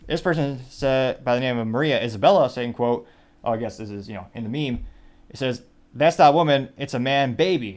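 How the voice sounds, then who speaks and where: A man hosting his own commentary show, reading social media posts aloud in a wry, rambling way with asides. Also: medium pitch. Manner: wry, rambling, reads quotes aloud with "quote, unquote". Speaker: show host.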